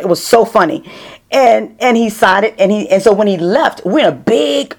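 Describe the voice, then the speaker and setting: A middle-aged woman interviewing a guest in a casual, animated chat, full of restarts. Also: mid-range voice, brisk. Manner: chatty, animated storytelling with many restarts.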